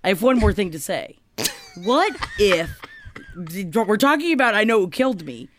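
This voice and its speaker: A woman's voice: mid-range voice, moderate pace, noisy background. A woman co-hosting a casual comedy podcast, joking and swearing as she runs through a list. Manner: swearing, animated, jokey. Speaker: podcast co-host presenting the list.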